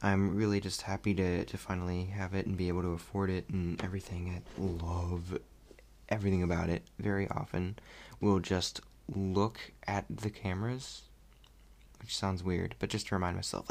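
A young man chatting casually about a movie he loved, rambling and excitable and laughing often. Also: low voice, gravelly. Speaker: vlogger reviewing a movie. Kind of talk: casual chat.

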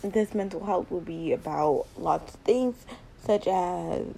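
A woman's voice: on the low side, takes it slowly, creaky, dark tone, a little hiss or hum, poor audio. A teenage girl hosting her first casual podcast late at night at home, rambling and repeating words with a giggly manner, recorded on a laptop mic. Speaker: podcast host.

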